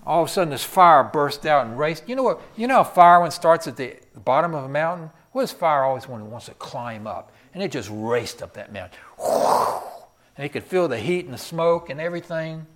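A man preaching a sermon in an animated storytelling way, swinging from loud to soft. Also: a little high, moderate pace.

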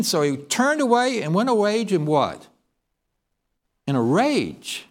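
A man's voice: sits high, sing-song, slow pace. A man preaching a sermon, reading scripture aloud and asking the congregation questions. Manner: reads scripture aloud in King James wording.

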